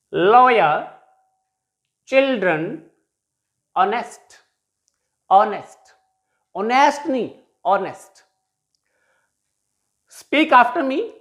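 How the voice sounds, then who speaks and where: A man with an Indian English accent teaching a recorded lesson, repeating words slowly and emphatically and switching between English and Hindi. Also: sits high. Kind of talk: recorded classroom-style lesson.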